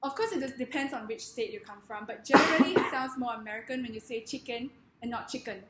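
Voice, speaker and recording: A woman's voice: on the high side, fast, heavy background noise. A young woman with a Singaporean accent giving a humorous speech in a playful, mock-grandiose way. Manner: playful, mock-grandiose, laughs between lines. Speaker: speaker giving a humorous talk. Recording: echoey room.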